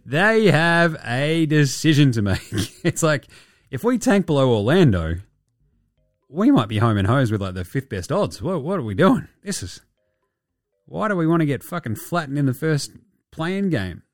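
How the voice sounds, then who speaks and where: A man's voice: fairly high pitch, big pitch swings, normal speed, no room sound, studio quality, faint music behind. Profane Australian man talking basketball. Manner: profane, joking, rambling. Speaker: basketball podcast host. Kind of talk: casual sports chat.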